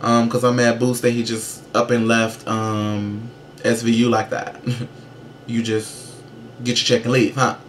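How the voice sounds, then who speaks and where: A man hosting his own casual show, giving sassy, profane, emphatic pop-culture commentary with brash shout-outs. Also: medium pitch, little pitch movement, a little slow, slight background noise. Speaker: show host.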